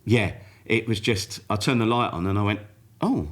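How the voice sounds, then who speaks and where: A man's voice: lowish voice, animated, moderate pace, a bit bright. A man telling a story in casual chat, laughing often and acting out the back-and-forth. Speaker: podcast guest.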